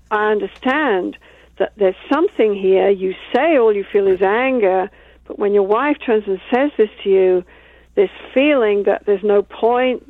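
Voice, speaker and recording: A woman talks calmly about her work as a couples therapist, walking through examples from sessions. Her voice comes through a narrow, tinny line with a dry sound. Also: mid-range voice, no echo. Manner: calm, explains with acted-out examples. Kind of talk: interview conversation.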